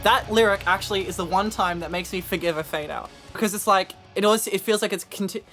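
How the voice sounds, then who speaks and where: A woman's voice: medium pitch, quick pace. A woman reviewing an album on a first listen, gushing and swearing often, with "dude" and "like" all through her talk. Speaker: music reviewer reacting to an album. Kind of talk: emotional first-listen reaction video. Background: loud metalcore music playing.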